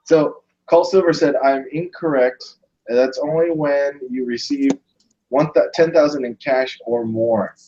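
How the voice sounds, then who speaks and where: A man hosts a relaxed video-call chat at a middle pitch. He works through his points with restarts and small pauses. The sound is slightly muffled and lo-fi. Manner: thinks aloud with restarts. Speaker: host. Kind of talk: casual chat.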